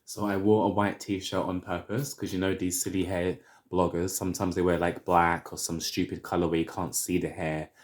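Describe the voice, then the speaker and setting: A man in his thirties with a London accent, chatting casually to camera as a hair vlogger, chatty and opinionated with drawn-out asides. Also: sits low, level tone. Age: 30s.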